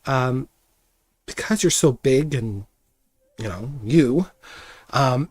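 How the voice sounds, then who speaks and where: A game master narrating a tabletop role-playing game in a relaxed, plain way. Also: mid-range voice, takes it slowly, husky, no room sound.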